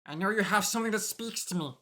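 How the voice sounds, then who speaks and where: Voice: medium pitch, quick pace, sharp tone, voice pushed up, natural voice. A game master voicing a demanding male goblin who speaks in clipped, broken phrases.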